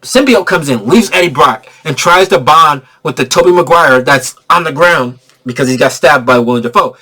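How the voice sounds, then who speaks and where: A young man giving an excitable, slangy spoiler review of a movie, repeating himself for emphasis. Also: a little high, normal speed.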